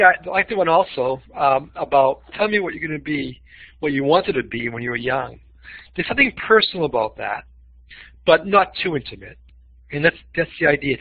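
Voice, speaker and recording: Husky man teaching a webinar. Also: fairly high pitch, dry recording. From Boston. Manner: expressive, uses voice for emphasis. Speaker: webinar presenter. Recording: dull lo-fi webinar audio.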